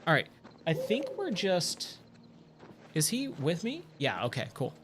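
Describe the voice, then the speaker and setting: Slow-talking man streaming a game. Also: on the high side, wildly swooping pitch, slight background noise. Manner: chatty and easily awed, thanks viewers warmly. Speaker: livestream gaming host. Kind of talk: casual livestream chat while gaming.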